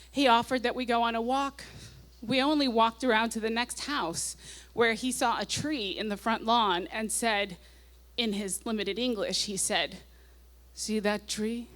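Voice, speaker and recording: A woman's voice: fairly high pitch, fairly even intonation, moderate pace, a bit bright. A woman in her forties on a nightclub stage, reading her teenage diary aloud into a microphone, with wry asides and passages read with mounting gusto. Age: 40s. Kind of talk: live comic diary reading. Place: stage at a nightclub before an audience.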